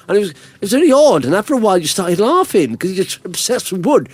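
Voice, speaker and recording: A man's voice: high voice, very animated, quick pace, few pauses, darkish tone, dry recording, faint music behind. A man hosting a podcast, telling rambling stories full of restarts and fillers in a casual chat. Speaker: podcast host.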